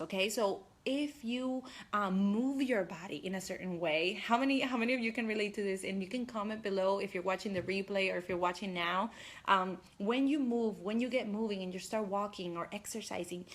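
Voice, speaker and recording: Energetic woman coaching viewers live. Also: medium pitch. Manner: energetic, chatty, addresses viewers directly. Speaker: life coach. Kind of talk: live-streamed motivational talk.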